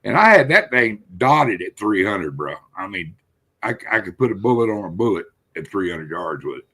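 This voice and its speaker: A man's voice: lowish voice, very animated, normal speed, sharp tone, breathy edge. An older man from South Texas with a South Texas accent, telling folksy hunting stories in casual chat as a live-stream host.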